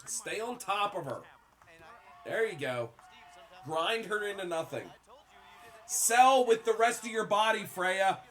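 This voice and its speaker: A man's voice: high voice, lively intonation, slow pace, long pauses, fairly bright tone. A man hosting a casual chat over a wrestling video, crude and heckling in a joking way. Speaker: podcast host.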